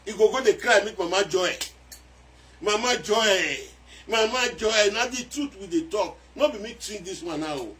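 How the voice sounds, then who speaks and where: A man with a Nigerian accent giving excitable casual commentary on a song, repeating phrases as he goes. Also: sits high, normal speed, recorded from a distance. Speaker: music commentator.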